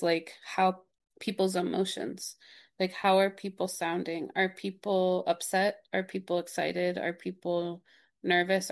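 A woman's voice: on the low side, creaky. A young woman from Ohio, a radio producer, answering interview questions thoughtfully, with frequent "like" and "um" and rising, question-like endings. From Cincinnati, Ohio.

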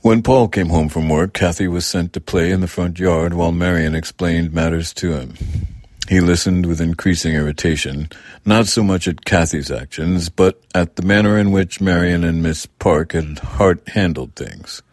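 Man narrating a storybook, very deep voice, dry close recording, measured and even. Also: dry recording. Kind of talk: audiobook narration.

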